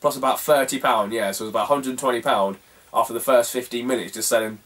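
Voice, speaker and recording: A young man tells a rambling, casual story, full of "like" and "um" and quick to laugh. His voice is mid-pitched and sits a little away from the microphone. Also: steady tone, a bit bright, far from the mic. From England. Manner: rambling, laughs often, lots of fillers. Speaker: retro game collector vlogger. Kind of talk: casual chat.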